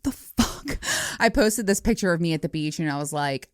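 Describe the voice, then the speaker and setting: A woman in her early forties hosts her own podcast and tells stories in a loose, unfiltered way. She swears constantly and laughs between lines. Her voice sits on the lower side and sounds dry and close, with no room echo. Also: normal speed. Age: 40s. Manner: laughing, profane, animated storytelling. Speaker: podcast host. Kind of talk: casual solo storytelling.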